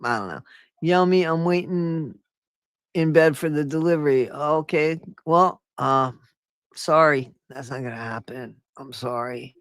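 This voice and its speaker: A woman hosting a live stream, chatting casually and excitably with her viewers. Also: low-pitched, unhurried, no echo, studio quality. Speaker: streamer host.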